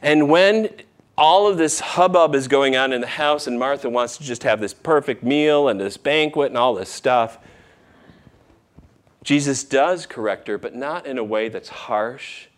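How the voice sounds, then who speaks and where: A man pastor preaching a sermon, shifting between raised emphasis and tender, hushed near-whispers in a church. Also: medium pitch, unhurried.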